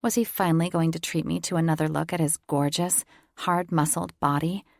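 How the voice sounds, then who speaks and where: This narrator's slightly low voice, edged with gravelly fry, moves briskly through a first-person romance audiobook with fairly even intonation. The tone is intimate and teasing, and the recording is close and dry.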